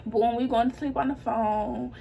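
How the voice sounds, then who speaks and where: A woman's voice: on the high side, steady tone, normal speed, vocal fry, dark tone, a little hiss or hum. A young woman vlogger telling her own story in casual, slangy chat to her viewers, animating the people she quotes. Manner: chatty and slangy, addressing viewers as y'all.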